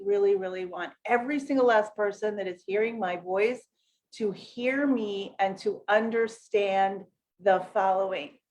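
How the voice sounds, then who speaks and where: A woman's voice: mid-range voice, slight background noise. A middle-aged woman from the United States hosts a casual live session as a business coach, rambling with lots of fillers and self-corrections and greeting viewers by name. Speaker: network marketing coach hosting a live session. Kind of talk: casual livestream talk to viewers.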